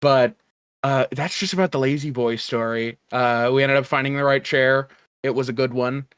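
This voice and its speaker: A man's voice: medium pitch, fairly even intonation, normal speed, a bit bright, clear, resonant tone, no room sound, studio quality. A man co-hosting a casual podcast, rambling through a story and laughing often. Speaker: podcast co-host. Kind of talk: casual chat.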